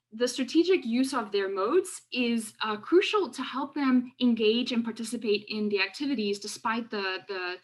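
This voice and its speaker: A woman's voice: a little high, a bit bright. A woman researcher giving an online lecture over a video call, explaining classroom clips with many fillers and restarts. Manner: halting, frequent fillers and restarts. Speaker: education researcher presenting a webinar. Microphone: video call with screen sharing.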